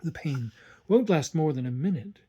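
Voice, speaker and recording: A husky-voiced man reading an audiobook, voicing a calm, secretive governess who speaks in hushed tones. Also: fairly high pitch, moderate pace, dull audio. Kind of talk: audiobook narration.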